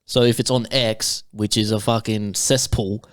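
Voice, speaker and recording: A man's voice: lowish voice, flat delivery, unhurried, no room sound, clean studio sound. A man co-hosting a podcast, chatting casually, swearing often and ranting about the news. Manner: swearing, exasperated rants. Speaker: podcast co-host. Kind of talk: casual chat.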